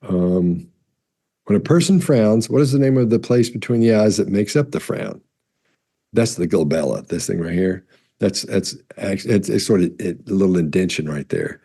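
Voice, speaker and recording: A man's voice: deep voice, animated, normal speed, slightly rough. A man answering viewer questions in a casual, rambling way, often correcting himself mid-sentence, recorded on a compressed studio mic. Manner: rambling, self-correcting, demonstrates loud and soft speech. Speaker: body language expert answering viewer questions. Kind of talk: casual explanatory talk.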